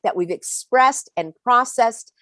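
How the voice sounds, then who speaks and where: A woman's voice: on the high side, slow, no echo. Woman host, live-stream pep talk, emphatic, dry close sound. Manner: animated, emphatic, speaks straight to viewers.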